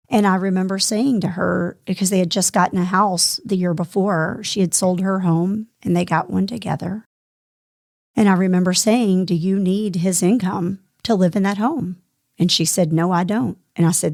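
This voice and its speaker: A woman's voice: medium pitch, measured pace, no room sound, clean studio sound. A middle-aged woman co-hosting a podcast, earnestly recounting conversations from her own life. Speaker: podcast co-host. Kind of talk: personal storytelling.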